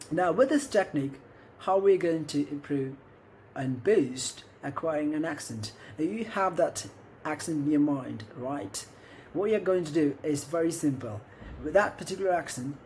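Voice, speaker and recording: An Indian English-accented man gives an encouraging lesson on picking up an accent, pausing to check in with his viewers. His voice sits a bit high yet sounds mellow and relaxed. A faint hiss of room noise runs behind him. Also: low-quality recording. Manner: encouraging, repeats "okay?" to check in. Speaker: accent coach. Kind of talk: instructional talk to camera.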